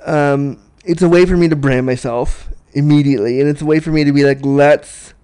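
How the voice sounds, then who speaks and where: A man's voice: fairly high pitch, steady tone, brisk, dark tone, clear, resonant tone. Frank, joking man in casual chat. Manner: frank, joking, laughs often. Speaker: disability sex educator.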